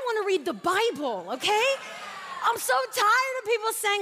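Animated woman preacher, high voice. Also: moderate pace, a little hiss or hum. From Mexican and Puerto Rican family. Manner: animated, humorous storytelling. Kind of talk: sermon. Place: church stage. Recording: long reverb of a large hall.

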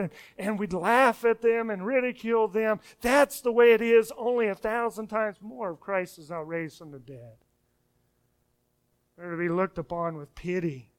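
High, smooth-voiced preacher man. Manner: emphatic preaching, drops to soft hush on key phrases; repeats words and restarts when speeding up. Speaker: pastor. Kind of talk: sermon.

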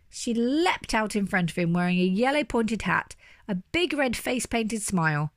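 Woman, children's story read-aloud, lively pitch, dry recording. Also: moderate pace, no room sound. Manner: animated, doing character voices. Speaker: storybook reader.

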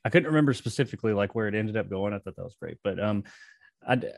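Guy with a bouncy, lively voice. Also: on the low side, quick pace, creaky, dry recording, clean studio sound. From American South. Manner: joking, rambling. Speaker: podcast host. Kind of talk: casual chat.

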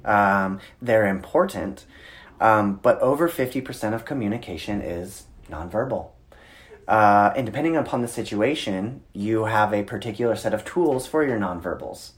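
A man in his thirties, a guest in an interview, explaining communication with lively storytelling and frequent filler words. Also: on the low side, normal speed. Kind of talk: conversational interview.

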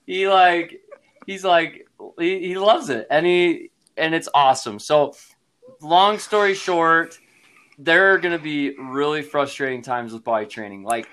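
A man's voice: a little high, a little slow, fairly bright tone, clear, resonant tone. A man in his thirties, a father telling a parenting story in casual chat, laughing often and using lots of fillers.

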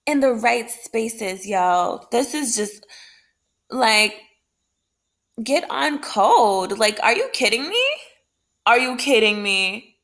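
A woman's voice: fairly high pitch, very animated, takes it slowly, a bit bright. A woman ranting in a late-night video, heated and full of profanity, breaking into laughs. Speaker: vlogger. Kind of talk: late-night rant to camera.

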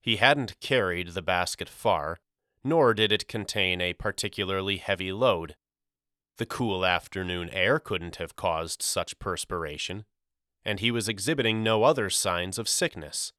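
A man narrating an audiobook in a measured, deliberate storytelling manner. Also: low voice, bright, forceful tone, dry recording, studio quality. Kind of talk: scripted narration.

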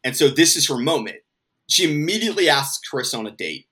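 A man's voice: fairly high pitch, sing-song, brisk, pushed and bright, breathy edge. A man co-hosting a podcast in casual chat, rambling and swearing freely as he recaps and acts out quotes. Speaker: podcast co-host.

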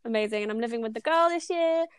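Young woman, higher voice, animated storytelling, casual podcast chat. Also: fast, smooth, no echo. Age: young adult. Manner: animated storytelling with many fillers and laughs. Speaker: podcast co-host.

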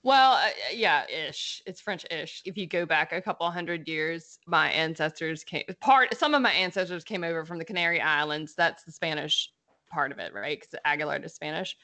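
A woman's voice: deep voice, normal speed. A woman from South Louisiana with a slight Southern twang, chatting as a podcast guest and telling stories. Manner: chatty, animated storyteller. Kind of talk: casual podcast chat.

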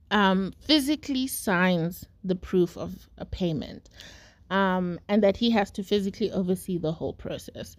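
Unhurried chatty woman. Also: mid-range voice, a little mellow, no echo. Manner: chatty, rambling, many fillers and asides. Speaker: podcast host. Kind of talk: casual true-crime storytelling.

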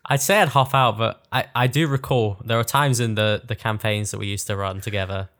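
A man's voice: on the low side, fairly even intonation, a little fast, fairly bright tone. A man co-hosting a casual podcast chat, dropping dry, wry quips. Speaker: guest co-host.

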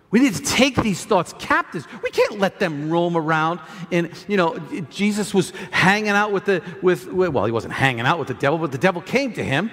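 A man preaching a sermon as pastor, animated, restarting phrases and repeating words as he talks. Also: sits high, moderate pace, few pauses. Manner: animated preaching, acts out voices of doubters. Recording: long hall reverb.

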